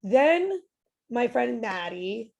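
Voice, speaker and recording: A young adult woman, a podcast guest, telling a story in a lively way, acting out what others said and using "like" a lot. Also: on the high side, very slow, vocal fry. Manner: lively, acts out quoted voices, frequent "like" fillers. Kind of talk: animated storytelling.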